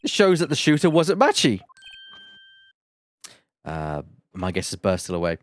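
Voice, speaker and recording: A man's voice: fairly low pitch, wildly swooping pitch, measured pace. A man chatting and laughing with friends while they voice a game together. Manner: chatty and laughing between lines. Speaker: player voicing a game. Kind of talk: casual group chat over a game.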